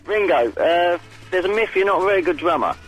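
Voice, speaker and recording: A male caller on a phone line fires off a blunt question, his pitch swinging widely. Faint music runs underneath. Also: lively intonation, a little fast, fairly bright tone.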